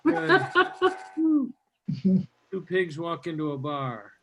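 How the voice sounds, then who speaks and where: A man's voice: on the high side, wildly swooping pitch, slow, gravelly, a crowd in the background. A man hosting a comedy show, bantering loosely, laughing often and introducing a guest. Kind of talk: casual emcee banter.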